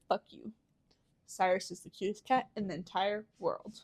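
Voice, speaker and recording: A woman's voice: mid-range voice, fairly even intonation, normal speed, a little mellow. A woman co-hosting a casual podcast, sarcastic and blunt, teasing her co-host. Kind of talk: casual chat.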